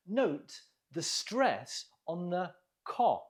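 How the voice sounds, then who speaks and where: A man teaching an English vocabulary lesson, explaining words clearly and asking learners questions to repeat. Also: a little high, takes it slowly. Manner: clear, lively teaching delivery with rising questions.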